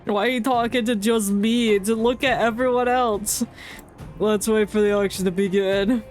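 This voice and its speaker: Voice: medium pitch, fairly even intonation, moderate pace, soft background music. A game streamer commenting in a joking, chatty way while playing.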